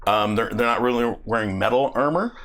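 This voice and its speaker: A man's voice: medium pitch, brisk, a bit bright. A man narrating as game master of a tabletop role-playing game, rambling with lots of ums and chuckles. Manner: rambling, full of ums and restarts, chuckling often.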